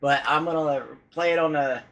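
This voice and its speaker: Rambling man with a slightly high voice. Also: steady tone, moderate pace, fairly bright tone, low-quality recording. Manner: rambling, hesitant, full of restarts and casual swearing. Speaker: paranormal vlogger. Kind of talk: casual vlog talk.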